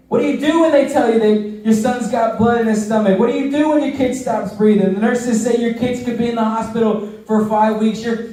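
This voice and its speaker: A man's voice: sits high, warm tone. A man, a youth pastor, preaching a sermon, telling a personal story in an earnest way and often asking "right?". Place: church service. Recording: echoey hall, voice from far off.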